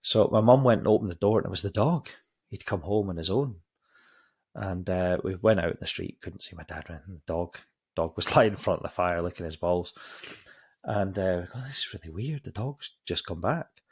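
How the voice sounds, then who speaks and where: A podcast host tells a long story in a loose, rambling way. His voice is low and husky, and he swears freely, often stopping to restart a sentence. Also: brisk, darkish tone. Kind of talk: casual storytelling.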